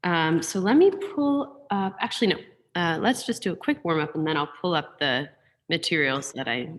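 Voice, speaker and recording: Brief: woman choir teacher, lively pitch, gentle and encouraging, video call audio with a long room echo. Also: brisk, a little hiss or hum. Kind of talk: online group singing lesson. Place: room with a piano.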